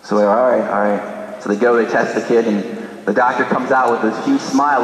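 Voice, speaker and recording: A man's voice: mid-range voice, fairly even intonation, a little fast, a little hiss or hum. A man preaching a sermon, telling a dramatic story and acting out the dialogue. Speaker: priest. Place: large church. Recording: echoey church from a distance.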